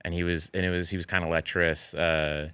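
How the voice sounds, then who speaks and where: A man chatting as a talk show guest, telling animated stories about his comedy work. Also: low-pitched, fast, clear, resonant tone, no room sound. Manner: animated storytelling, slips into character voices and laughs. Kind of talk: casual talk show chat.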